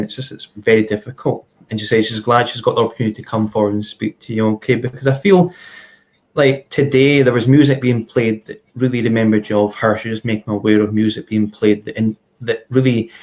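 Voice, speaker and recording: A man in his twenties giving a psychic reading, gently reassuring, often adding okay and sweetheart. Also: mid-range voice. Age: 20s. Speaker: psychic medium guest. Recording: dull lo-fi livestream audio.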